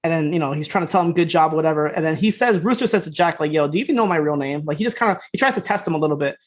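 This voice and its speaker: A man co-hosting a podcast, casually retelling scenes in a loose, fast way, slipping into quick quoted voices and laughing. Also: a little high. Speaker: podcast co-host. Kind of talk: casual recap chat.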